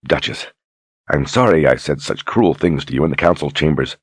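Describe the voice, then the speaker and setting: An earnest young lord who talks plainly and humbly, as the narrator reads him. The voice is very deep and husky, close to the mic in a dry, dead space. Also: male voice, lively intonation, moderate pace, no echo, exaggerated voice. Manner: earnest and apologetic.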